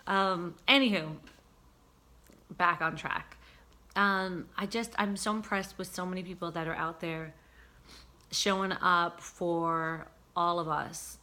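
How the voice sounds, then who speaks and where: A woman vlogger talking casually about spiritual healing, earnest and searching, with frequent pauses and fillers. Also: on the low side, steady tone, sharp tone.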